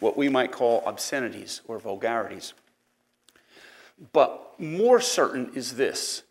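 A man with an East Coast American accent teaching a Sunday school Bible lesson in a conversational, digressive way. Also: medium pitch. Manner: conversational, digressive, with fillers and asides.

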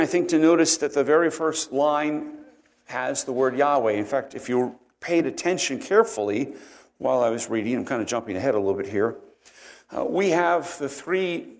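A man's voice: mid-range voice, darkish tone. Earnest man preaching a sermon. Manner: earnest, explanatory, frequent fillers. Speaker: pastor.

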